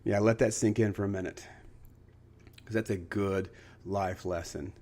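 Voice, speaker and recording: A man's voice: lowish voice, steady tone, unhurried, a little mellow. A man hosting a podcast, talking earnestly in a casual motivational monologue and telling a story. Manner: earnest, storytelling, frequent restarts. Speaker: podcast host.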